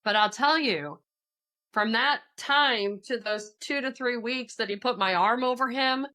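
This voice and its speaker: A woman who is a counselor and author, a podcast guest telling a personal story with lively quoted voices. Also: on the high side, a little slow. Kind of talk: casual podcast conversation.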